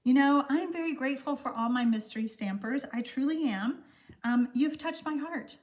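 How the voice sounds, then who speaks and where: A woman's voice: high-pitched, moderate pace. A woman with a Texan accent hosting a chatty card-making live stream, gushing and rambling as she reads viewer comments. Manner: warm, gushing, rambling with fillers.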